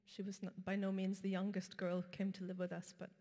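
A woman preaching a sermon, telling a personal story in a conversational way with frequent pauses and fillers. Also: mid-range voice, monotone, dark tone. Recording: reverberant hall.

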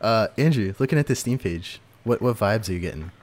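A man's voice: fairly low pitch, lively intonation, a little fast, a little mellow. A man hosting a casual podcast chat, talking loosely with fillers and frequent laughs. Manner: chatty, laughs often, fillers. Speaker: podcast host.

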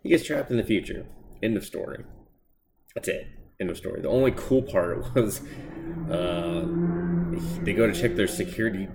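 Sweary low-voiced man reviewing comics. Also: moderate pace, long pauses, noisy background. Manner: blunt, sweary and sarcastic. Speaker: podcast host. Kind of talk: casual comic book review. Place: home desk.

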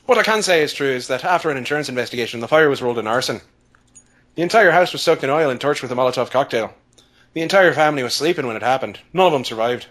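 A man's voice: mid-range voice, lively intonation, very fast, a bit bright. A man voicing a chatty Irish male boss who tells a grim story in a put-on Irish accent. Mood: spooky storytelling.

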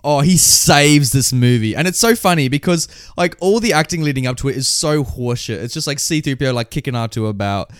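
A man's voice: medium pitch, expressive, brisk, hardly any pauses, clean tone, no echo, studio quality. A man co-hosting a casual film podcast, blunt and sweary, poking fun at the acting. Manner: blunt, swears, mocks lines in silly voices.

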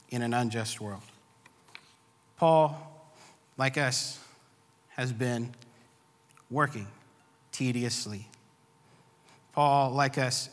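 Bright-voiced man preaching in a hall. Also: mid-range voice. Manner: earnest, builds emphasis with repeated phrases. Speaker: pastor. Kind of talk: sermon.

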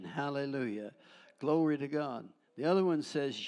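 An older man preaching with fervor, peppering every line with hallelujahs and amens. His delivery is folksy and humorous, swinging between loud praise and quieter ministering in an ordinary, middle-pitched voice. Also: moderate pace. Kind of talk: charismatic sermon.

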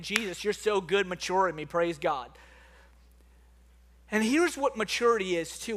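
High-pitched guy preaching, hyped and chatty, talks right to the crowd. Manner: energetic preaching, conversational with bursts of excitement. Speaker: pastor. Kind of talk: sermon.

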